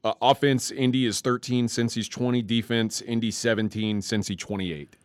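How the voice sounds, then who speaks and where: A man on a sports betting podcast panel who reads out statistics in a brisk, matter-of-fact way. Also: medium pitch, fairly even intonation, clean tone, no room sound, clean studio sound. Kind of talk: casual sports betting chat.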